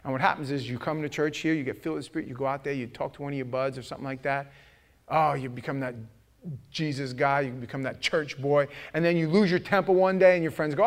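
A middle-aged man preaching a sermon, telling stories with acted-out voices and rising to shouts at the peaks. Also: mid-range voice, fast talker. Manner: animated storytelling, acting out voices, shouting at peaks. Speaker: pastor.

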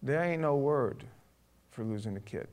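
A man's voice: mid-range voice, lively intonation, normal speed. Man preaching with a drawl. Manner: conversational, acts out dialogue, rising to forceful exhortation. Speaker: pastor. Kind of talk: sermon storytelling.

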